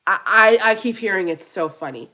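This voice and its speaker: A woman's voice: medium pitch, expressive, moderate pace, bright, forceful tone. A woman from Pennsylvania hosting a casual live chat, reading and answering viewer comments and laughing often. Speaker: live stream host.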